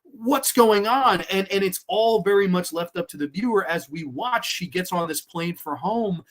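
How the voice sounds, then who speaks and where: A man's voice: sits high, normal speed. A man hosting a horror film podcast in an enthusiastic, profane, casual way, with lots of fillers and restarts. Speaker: podcast host, film reviewer.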